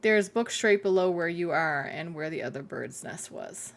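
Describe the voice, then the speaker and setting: Young woman streamer, casual and chatty, reads chat jokes aloud, giggles a lot; gravelly texture. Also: lowish voice, animated, moderate pace, few pauses. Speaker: game streamer.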